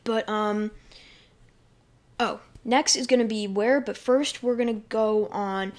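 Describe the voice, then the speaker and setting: A woman's voice: on the high side, steady tone, takes it slowly. A woman hosting a casual solo podcast from her bedroom on a desk mic, rambling along with lots of fillers and self-corrections. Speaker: podcast host.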